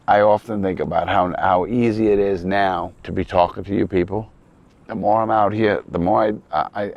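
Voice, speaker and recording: New york guy rambling outdoors, low gravelly voice, swears a lot, kinda dull lo-fi sound. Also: a little mellow. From New York City. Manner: blunt, profane, rambling and earnest. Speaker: ex-criminal vlogger. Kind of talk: casual outdoor talk to camera. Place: outdoors at a lakeside campground.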